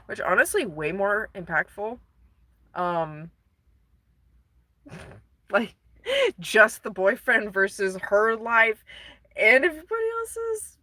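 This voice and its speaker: A woman's voice: mid-range voice, takes it slowly, pauses often, no room sound. A woman casually retelling a story to camera, rambling, swearing and full of fillers. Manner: rambling, profane, animated retelling. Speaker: vlogger.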